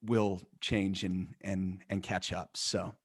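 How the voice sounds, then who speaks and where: Low-voiced guy on a panel, thoughtful, kinda halting, dry sound. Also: flat delivery, husky, no echo. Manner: reflective, hesitant, sentimental. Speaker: panelist, educator. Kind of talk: panel discussion.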